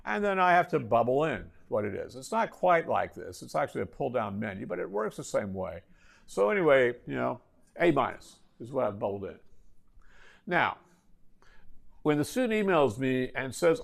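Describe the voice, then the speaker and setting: A man's voice: medium pitch, very animated, normal speed, gravelly. A middle-aged man, a university professor, giving a classroom lecture with anecdotes and wry joking asides.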